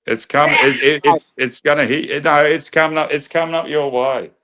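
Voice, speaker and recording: A man's voice: a little high, fairly even intonation, moderate pace, pushed and bright. An Australian man hosting a livestream, arguing heatedly, swearing and repeating himself as he lectures.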